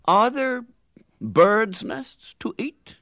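A man's voice: sits high, no room sound, clean studio sound, voice pushed up, natural voice. A man doing a grandly deluded red-haired man. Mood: majestic. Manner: slow, majestic.

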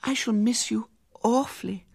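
A man voicing a tearful, lovestruck little girl with a high, wailing voice. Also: moderate pace, gravelly, breathy edge, no room sound, clean studio sound, exaggerated voice. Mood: adoring.

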